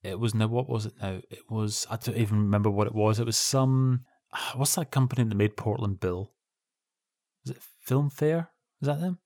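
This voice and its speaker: A man's voice: fairly low pitch, moderate pace, a little mellow, dry recording, clean studio sound. A man co-hosting a podcast, rambling wryly about old children's TV. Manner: rambling, wry, reminiscing. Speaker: podcast co-host. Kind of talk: casual chat reviewing old TV.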